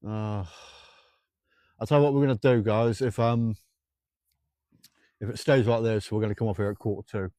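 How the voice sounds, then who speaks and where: A ghost-hunting livestream host chats to viewers outdoors at night beside old railway tracks, rambling, joking and greeting people by name. His throat is sore and dry. His male voice sits on the low side with a dark, steady tone, normal speed and long pauses, recorded with no room sound.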